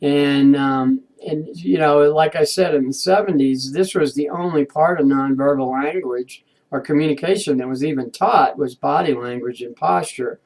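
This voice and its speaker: Halting, conversational man lecturing. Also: fairly high pitch, a little mellow, poor audio. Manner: halting, frequent restarts and fillers; conversational, explains with everyday examples. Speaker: instructor. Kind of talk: unscripted lecture.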